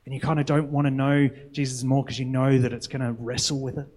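A man's voice: medium pitch, level tone, fast, darkish tone, low-quality recording. A young adult man preaching a sermon in an earnest, reflective way, often posing rhetorical questions to the congregation.

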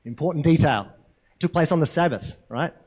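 A man with a fairly high voice gives a sermon in an easygoing, talky manner. He keeps putting questions to the congregation and tags his points with a quick "right?". The delivery sounds like a chat more than a formal address. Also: darkish tone, slightly rough. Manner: conversational, asks the congregation questions, frequent tag "right?". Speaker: pastor.

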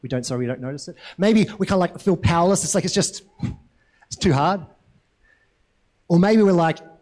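A man with a fairly high voice gives a sermon in an easygoing, talky manner. He keeps putting questions to the congregation and tags his points with a quick "right?". The delivery sounds like a chat more than a formal address. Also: darkish tone. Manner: conversational, asks the congregation questions, frequent tag "right?". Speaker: pastor.

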